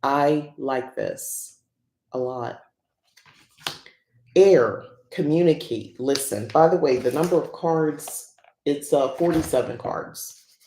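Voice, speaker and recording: A woman's voice: low voice, slow pace, pauses often, warm tone, reverberant, slight background noise. A woman hosting a casual unboxing chat who rambles and laughs often. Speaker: host.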